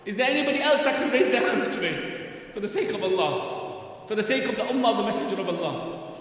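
A man's voice: high-pitched, animated, fairly quick, a bit bright. A man making an impassioned fundraising appeal to a crowd in a large hall, pleading and pressing them with repeated questions. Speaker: charity fundraiser. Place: large hall at a religious gathering. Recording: echoey hall, distant mic.

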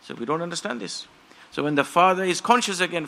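A man's voice: sits high, expressive, fast talker, gravelly, pushed and bright. A man preaching a sermon, telling stories with passion and acting out the voices of the people in them. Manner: impassioned storytelling, acts out quoted voices.

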